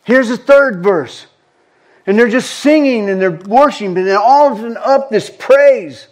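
Male Southern US preacher, high-pitched, fervent, slow, repetitive emphasis. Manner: fervent, repeats words for emphasis. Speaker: pastor. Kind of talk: sermon.

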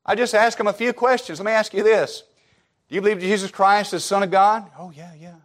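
A man preaching a sermon, emphatic and repetitive, firing off rhetorical questions and dropping to soft, low asides at the ends of phrases. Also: fairly even intonation, a little fast.

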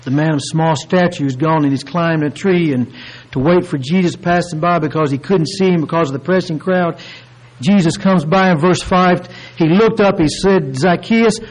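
High-voiced man preaching slowly. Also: low-quality recording. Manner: earnest expository preaching, stretching key words slowly. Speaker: pastor. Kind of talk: sermon.

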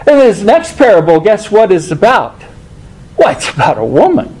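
A man's voice: a little high, big pitch swings, moderate pace, darkish tone, slightly rough, low-quality recording. A man preaching a sermon, conversational and emphatic, asking rhetorical questions.

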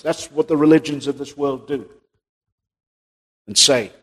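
A male preacher giving a sermon, posing rhetorical questions and swinging between loud and quiet passages. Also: mid-range voice, measured pace, long pauses. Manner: rhetorical questions, rises and drops in volume. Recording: long hall reverb.

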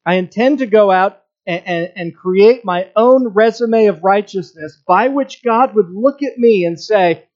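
A man's voice: sits high, a little slow, hardly any pauses, dull audio. A man preaching a sermon, earnest, often repeating words and restarting his phrases. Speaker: pastor.

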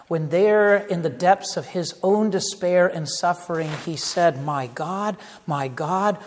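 A man preaching a sermon, earnest and dramatic, dropping to a hushed voice when he quotes scripture. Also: high voice. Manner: earnest, dramatic, drops to hushed tones in quotations. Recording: long reverb of a hall.

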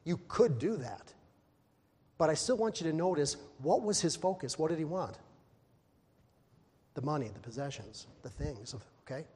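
A man preaching a sermon, telling a story with animated voices for the characters. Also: fairly high pitch, normal speed, pauses often, slightly rough, in a large hall.

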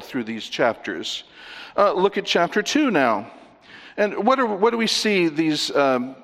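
A man's voice: on the high side, fairly bright tone. A man preaching an expository sermon, emphatic as he walks listeners through scripture references. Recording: long reverb of a large hall.

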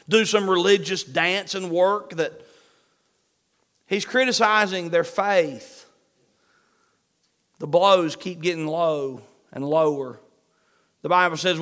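A man preaching a sermon in an emphatic, animated manner, with a shifting pace. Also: high-pitched.

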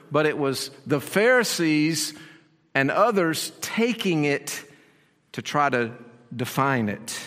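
A man's voice: fairly high pitch, a bit bright, big-room sound. A man preaching a sermon as pastor, explaining the passage with rhetorical questions and repeated phrases.

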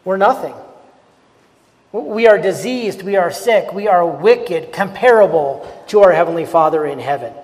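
A man in his forties delivers a sermon in a high voice, throwing rhetorical questions at his listeners and repeating key phrases. He swings between loud emphatic bursts and quiet asides. The sound rings with long reverb from a large hall. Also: animated, moderate pace, hardly any pauses. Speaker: pastor.

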